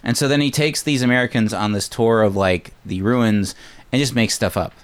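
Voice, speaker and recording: A man's voice: mid-range voice, normal speed, clean tone. A man on a podcast, casually retelling a movie plot in a rambling way full of fillers. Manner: rambling storytelling, lots of fillers. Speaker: podcast co-host. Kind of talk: casual chat recapping a film.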